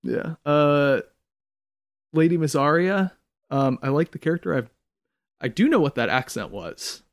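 A man co-hosting a podcast in casual chat, relaxed and opinionated, with frequent "um"s. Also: on the high side, a little slow. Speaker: podcast co-host.

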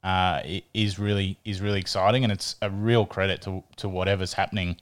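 Man, casual podcast chat, low pitch, clear smooth tone. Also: flat delivery, fairly quick. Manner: chatty, repeats words while thinking. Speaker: podcast co-host.

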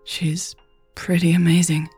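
A woman voicing an anxious, remorseful woman who speaks softly and carefully. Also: low voice, fairly even intonation, unhurried, vocal fry, slightly rough, no echo, faint music behind, exaggerated voice. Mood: hesitant. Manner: hesitant, soft and careful.

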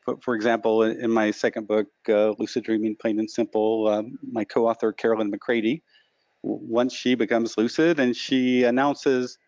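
A man's voice: medium pitch, flat delivery, normal speed, darkish tone, no echo, highs cut off. A man being interviewed as an author, telling stories reflectively and often stammering and repeating words. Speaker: interview guest, lucid dreaming author. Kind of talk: reflective storytelling.

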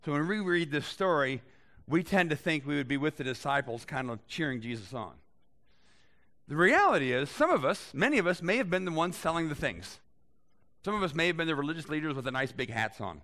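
A man preaching a sermon in a conversational way, reading scripture aloud and adding lively asides to his listeners. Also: a little high, a little fast. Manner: conversational, animated Bible reading with voiced asides. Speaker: pastor.

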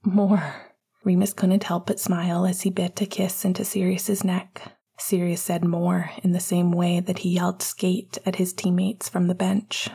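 A woman reading a romance chapter aloud in a hushed, intimate whisper. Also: on the low side, completely flat delivery, moderate pace, gravelly, breathy edge. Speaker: audiobook narrator. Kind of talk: whispered narration.

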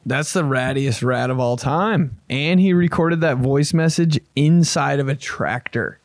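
Gravelly, joking podcast host. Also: male voice, medium pitch, unhurried, dry recording, clean studio sound. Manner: loose, profane, joking riffs. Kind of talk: comedy podcast reaction chat.

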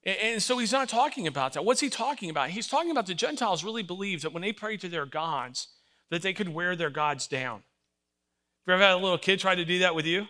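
An older pastor preaches fast in a high-sitting male voice. He tells stories in an animated, emphatic way, acting out the voices of the characters.

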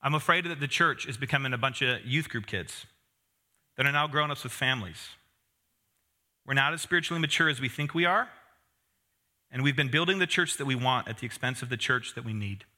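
A man's voice: medium pitch, a little fast, pauses often, pushed and bright. A man in his thirties preaching a conversational sermon, with self-deprecating humor and asides to the congregation. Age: 30s. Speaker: pastor.

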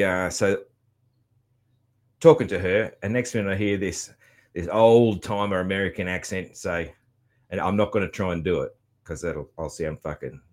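A man with an Australian accent giving a casual, rambling travel recap, swearing freely with many ums and restarts. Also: sits low. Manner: loud, chatty. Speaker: vlogger.

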